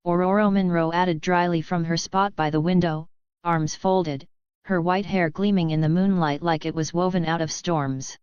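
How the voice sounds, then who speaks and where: Woman narrating a web novel, smooth. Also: fairly low pitch, steady tone, moderate pace, a little mellow, dry recording, muffled recording. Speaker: audiobook narrator. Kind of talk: scripted narration.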